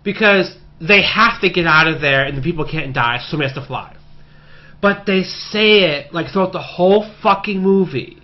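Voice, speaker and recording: Man, podcast co-host, profane exasperated rant, high lively pitch, dull lo-fi audio. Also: moderate pace. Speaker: podcast co-host, movie reviewer. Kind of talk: casual movie review chat.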